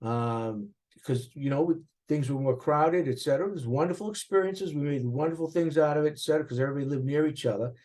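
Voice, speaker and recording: An older man with a Boston accent recalling his upbringing in an interview, animated and rambling, with frequent restarts. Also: fairly high pitch, quick pace, hardly any pauses. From Boston area, USA. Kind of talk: reflective interview recollection.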